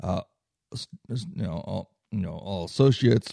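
A man's voice: low voice, normal speed, gravelly, warm tone, no room sound, clean studio sound. A man telling a long personal travel story in casual chat, rambling with many fillers and tag questions. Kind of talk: casual anecdote.

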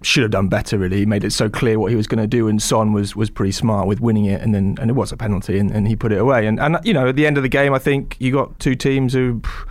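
A man's voice: fairly low pitch, fairly even intonation, quick pace, few pauses, no room sound. Hesitant, thoughtful football reporter, man. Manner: thoughtful, hesitant, many restarts. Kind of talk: casual podcast discussion.

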